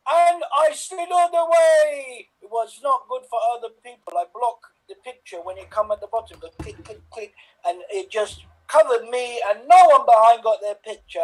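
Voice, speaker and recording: A man doing a clumsy gentle giant. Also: very high voice, low-quality recording. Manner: broken grammar, simple childlike speech. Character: big clumsy gentle giant, sad and friendly. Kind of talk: improv comedy character.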